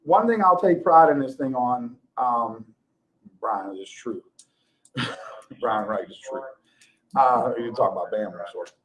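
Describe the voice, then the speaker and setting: A man's voice: medium pitch, lively intonation, a little slow, long pauses, fairly bright tone, rough recording. A man co-hosting a podcast, chatting casually, teasing his co-hosts and laughing often with rambling restarts. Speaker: podcast co-host. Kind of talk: casual chat.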